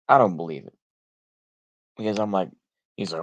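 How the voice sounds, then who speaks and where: A political commentary vlogger from the United States with a Texan accent rambles through a casual monologue in a low voice, fairly quick but pausing often. He's blunt and sarcastic, full of fillers and a recurring "like I say."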